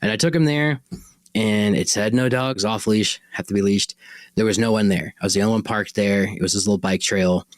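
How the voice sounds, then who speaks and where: A man's voice: lowish voice, fairly quick, dry recording. A man hosting a podcast, telling a personal story in a rambling, conversational way and often correcting himself. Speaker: podcast host.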